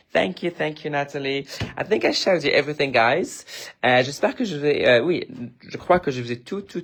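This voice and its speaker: A man presenting his craft projects on a casual live stream, chatty and enthusiastic, often restarting sentences and thanking viewers. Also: mid-range voice. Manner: reads viewer comments and thanks them warmly.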